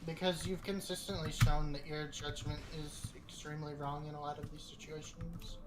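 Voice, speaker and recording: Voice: medium pitch, little pitch movement, normal speed, loud music behind the voice. A speaker bluntly lecturing and challenging a friend during a casual argument on a stream. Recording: noisy background.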